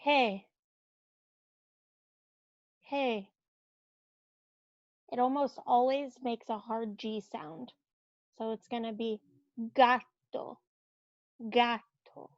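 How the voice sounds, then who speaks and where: A woman teaching the Spanish alphabet, saying each word slowly and repeating it for learners. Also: fairly high pitch, a little mellow, no room sound. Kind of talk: slow alphabet pronunciation lesson. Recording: dull lo-fi dry audio.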